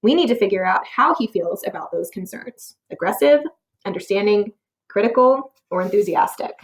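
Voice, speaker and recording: A woman teacher reading a scripted lesson, explaining clearly and posing rhetorical questions. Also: medium pitch, animated, moderate pace. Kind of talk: scripted narration for a test-prep lesson.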